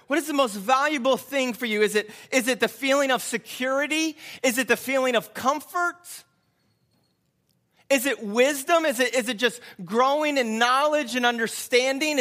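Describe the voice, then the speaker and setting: A man's voice: extremely high pitch, normal speed, pushed and bright. A man preaching a sermon, telling a story in an earnest, reflective way and often repeating his words.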